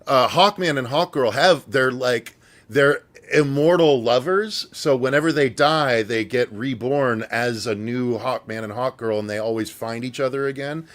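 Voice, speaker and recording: A man hosts a loose movie panel at a middle pitch, swearing freely and filling gaps with "like". His delivery is casual and chatty. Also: moderate pace, fairly bright tone. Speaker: host.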